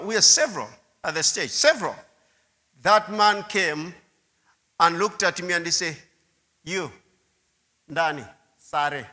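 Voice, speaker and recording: Pastor guy, high bright voice, storytelling sermon, big hall echo. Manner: storytelling, repeats words, asides to audience. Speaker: preacher. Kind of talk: sermon testimony. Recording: long hall reverb.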